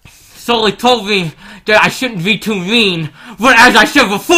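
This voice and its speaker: A man giving comedic gameplay commentary in a brash, profane, mock-rude manner, swinging between loud boasts and mumbled asides. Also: high-pitched, a little slow. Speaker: guest gamer.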